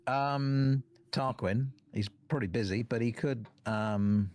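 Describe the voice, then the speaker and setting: A man playing in a tabletop game, talking in a halting way with many fillers and restarts while planning. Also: medium pitch, darkish tone. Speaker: player. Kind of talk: casual tabletop game chat.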